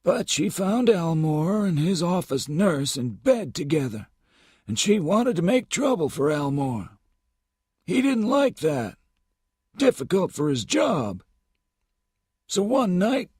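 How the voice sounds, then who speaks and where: A man voicing a sad, bitter old father in an audiobook, speaking in an insistent, husky voice. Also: sits high, big pitch swings, takes it slowly, darkish tone, no room sound, studio quality, pitched above the performer's own voice, full character voice. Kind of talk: audiobook character voice.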